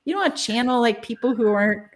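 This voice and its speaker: A woman's voice: fairly high pitch, animated, fast talker. A woman guest in a casual interview, speaking frankly and animatedly and laughing often. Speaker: guest, spiritual channeler.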